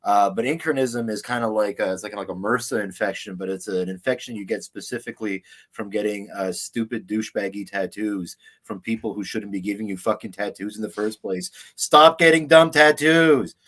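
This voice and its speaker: A man's voice: lowish voice, steady tone, brisk, hardly any pauses, slightly rough. A man competing on an online comedy game show, hesitant at first and then building into an exasperated rant. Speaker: comedian contestant. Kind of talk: improvised comedy banter.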